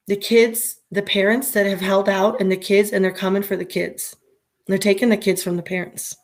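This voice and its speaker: A woman's voice: mid-range voice, little pitch movement, moderate pace. A middle-aged woman hosting a casual livestream, impassioned and often repeating herself, her stream sometimes choppy. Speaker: livestream host. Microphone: internet stream with choppy audio.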